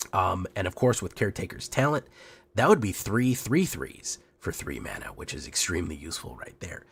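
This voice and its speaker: A sick man with a hoarse, deep and raspy voice, chatting casually as a game streamer with many fillers and quiet trailing asides. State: hoarse from illness.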